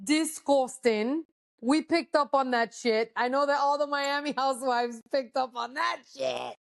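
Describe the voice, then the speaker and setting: Woman, high voice, podcast co-host, casual gossip, profane, mixes in Spanish words. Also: steady tone, unhurried, creaky. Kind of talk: casual chat.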